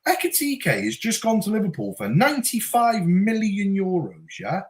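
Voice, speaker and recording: A man's voice: high-pitched, very animated, moderate pace. A man co-hosting a casual football chat podcast, laughing often and stammering as he starts sentences. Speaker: podcast co-host.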